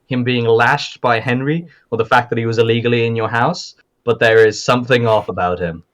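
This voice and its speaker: A man's voice: mid-range voice, steady tone, a little fast, fairly bright tone. A young man narrating as game master, rambling with lots of fillers. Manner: rambling with many fillers and laughs.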